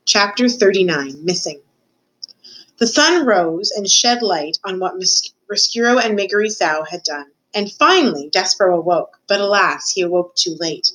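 A woman's voice: mid-range voice, lively intonation, moderate pace, a bit bright, poor audio. Woman, storybook read-aloud, speaks to the reader, occasional slips. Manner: addresses the listener as reader, with small slips. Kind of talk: reading a children's novel aloud.

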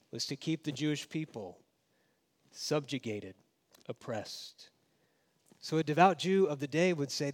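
Male pastor with hushed, emphatic delivery. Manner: dynamic, swinging from emphatic loud to hushed low. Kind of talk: sermon.

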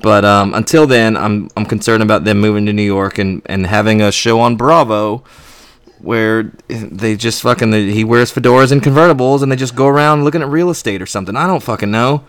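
A man's voice: lowish voice, a little fast, clean tone, dry recording. A man co-hosting a podcast in casual, profane, rambling chat. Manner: profane, rambling, self-mocking. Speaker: podcast co-host.

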